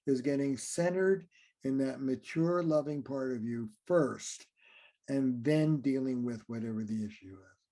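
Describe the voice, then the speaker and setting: A man's voice: medium pitch, measured pace, mellow. A man, a relationship therapist, explaining ideas in an interview and acting out little scenes between partners.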